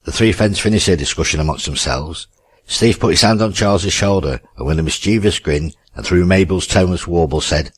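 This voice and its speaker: Man, audiobook narrator, steady and measured, very low voice, husky, dry booth. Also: no room sound. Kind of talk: scripted narration.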